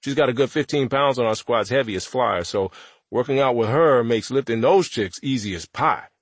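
A man narrates an audiobook in the first person, wry and conversational, in the voice of a teenage boy. His voice is husky and sits at a middle pitch. The recording is dry and close to the mic. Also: moderate pace, no echo.

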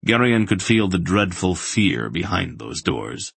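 A man reading a fantasy audiobook in steady, measured scripted narration. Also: low voice, gravelly, slightly rough, no room sound.

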